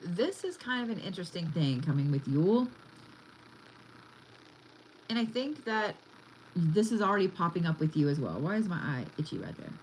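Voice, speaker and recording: A woman's voice: fairly low pitch, big pitch swings, moderate pace, pauses often, a little hiss or hum, low-quality recording. A woman giving a casual card reading, chatty and blunt, swearing freely as she talks. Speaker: tarot reader.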